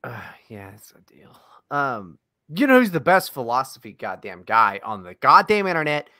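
A man's voice: medium pitch, sing-song, normal speed, sharp tone, no echo, studio quality. A man co-hosting a podcast in casual chat, teasing and swearing in jokey banter. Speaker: podcast co-host.

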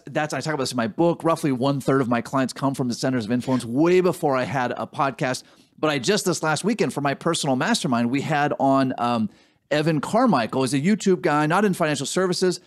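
Fast-talking enthusiastic male podcast host. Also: a little high. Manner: quick, enthusiastic, repeats words. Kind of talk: casual interview chat.

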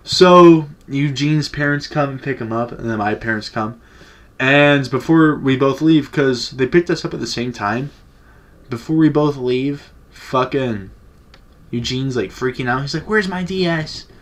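A man's voice: mid-range voice, unhurried. A young man vlogger telling a childhood story in a casual, profane, laid-back way.

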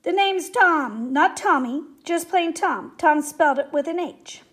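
Woman playing a chirpy friendly schoolboy in a storybook, upbeat and high-pitched. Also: animated, a little slow, a bit bright.

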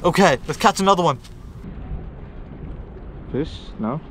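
Excitable young man fishing outdoors. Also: fairly high pitch, a little slow, slight background noise. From Australia. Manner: excitable, slangy, laughs often. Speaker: fishing vlogger. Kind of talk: casual outdoor vlog commentary. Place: outdoors on a rock wall by the sea.

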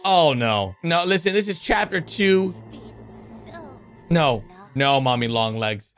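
A young man hosting an excited reaction commentary on animations, with loud outbursts and laughter. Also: fairly high pitch, slow. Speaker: YouTube host reacting to animations. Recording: background music under the voice.

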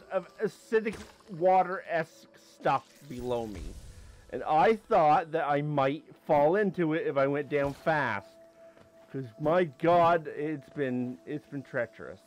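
A man's voice: fairly high pitch, expressive, a little slow, soft background music. A man giving casual commentary as he plays a game, talking to the creatures on screen and breaking into sudden yelps and exclamations. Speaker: let's play host.

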